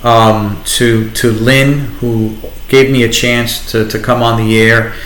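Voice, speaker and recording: A middle-aged man with a New York accent, telling his story as a guest in a conversational interview, animated and restarting often. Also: medium pitch, slow, a little hiss or hum. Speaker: guest, entrepreneur and radio host. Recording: echoey room.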